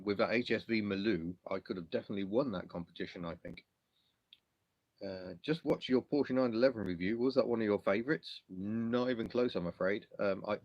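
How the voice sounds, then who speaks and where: A man's voice: fairly low pitch, no room sound, highs cut off. A man from England hosting a car livestream, reading out and answering viewer questions in a chatty, self-deprecating way with lots of ums. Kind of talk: casual live chat reading comments.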